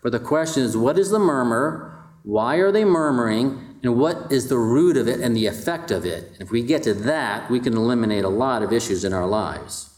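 A man's voice: mid-range voice, expressive, moderate pace, a little mellow. Man preaching, rhetorical questions, echoey room. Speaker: pastor. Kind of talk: sermon.

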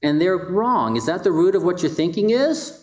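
A man preaching a sermon, speaking with his listeners more than at them and leaning on rhetorical questions. His voice sits a little high. The room around him rings with echo. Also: expressive, moderate pace. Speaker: pastor.

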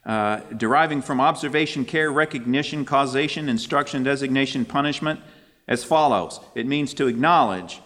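A man delivers a sermon in an emphatic, driving manner. His pitch climbs sharply whenever he quotes scripture or poses a question. His voice sits in the middle range and rings out with a long hall reverb. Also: moderate pace, a bit bright. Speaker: preacher.

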